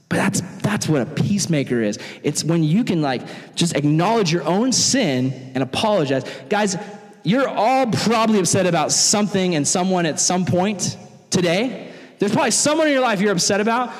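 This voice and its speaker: A young man preaching to young people in a lively, conversational way. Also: high voice. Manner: animated, conversational, acts out voices. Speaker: youth pastor. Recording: long hall reverb.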